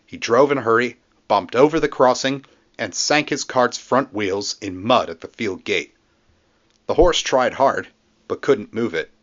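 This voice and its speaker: A man narrating a children's storybook aloud in a lively, expressive reading. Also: medium pitch, muffled recording. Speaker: storybook reader.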